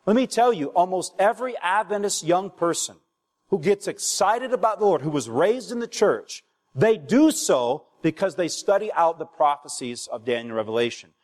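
A man's voice: high-pitched, expressive, normal speed. Preaching man in a reverberant hall. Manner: exhorting, asks the congregation for replies. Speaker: pastor. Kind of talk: sermon. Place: church hall. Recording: long reverb of a church hall.

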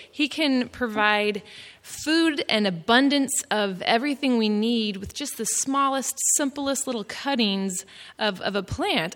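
A Texan woman runs a folksy gardening class, chatty and quick to giggle at herself. Her voice is bright and a little high. It rings with the long reverb of an indoor hall. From Texas. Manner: chatty, giggly, self-deprecating.

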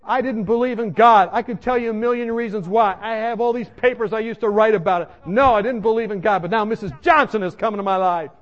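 With the highs cut off in the audio, a man with a high-pitched voice preaches his personal testimony fast, with hardly any pauses. His storytelling is emphatic, and he addresses his audience directly.

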